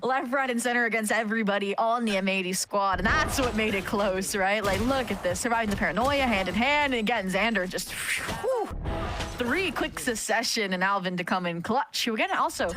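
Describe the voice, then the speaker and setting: A woman giving analysis during an esports broadcast, talking in an animated way with frequent "like" and "right?". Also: medium pitch, fairly quick, few pauses, music in the background. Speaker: esports caster. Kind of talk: esports color commentary.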